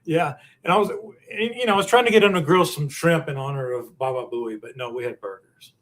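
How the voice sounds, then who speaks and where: A man co-hosting a podcast in casual chat, easygoing and halting, with restarts as he tells stories. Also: a little high, a bit bright. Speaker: podcast co-host.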